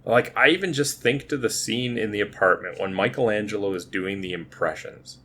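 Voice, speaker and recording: A man's voice: on the low side, normal speed, a bit bright, slight background noise. A man in his thirties co-hosting a podcast, chatting casually and restarting his words as he thinks. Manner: talkative, repeats words while thinking. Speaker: podcast co-host. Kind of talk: casual movie review chat.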